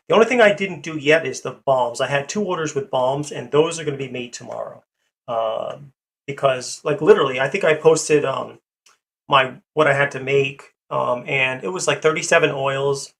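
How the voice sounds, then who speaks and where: A man's voice: mid-range voice, normal speed, gravelly, fairly bright tone. A man hosting a casual livestream, rambling with many fillers as he greets viewers and reads chat. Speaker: livestream host.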